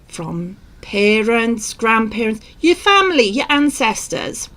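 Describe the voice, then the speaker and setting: Fired-up woman ranting, bright lively voice. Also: on the high side, slow pace, hardly any pauses. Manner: fired-up, exasperated, breaks into disbelieving laughter. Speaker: podcast co-host. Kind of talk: heated opinion rant on a chat podcast. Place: studio for a live-streamed podcast.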